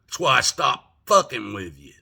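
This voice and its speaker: A man's voice: medium pitch, very animated, normal speed, vocal fry, pushed and bright, breathy edge. An older man ranting angrily from home, profane and indignant, firing off rhetorical questions. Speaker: vlogger. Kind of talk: angry political rant.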